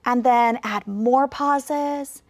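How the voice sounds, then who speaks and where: Clear, high-voiced woman pronunciation teacher. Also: darkish tone, no echo. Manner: slow, clear, pauses deliberately to demonstrate. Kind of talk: ESL video lesson.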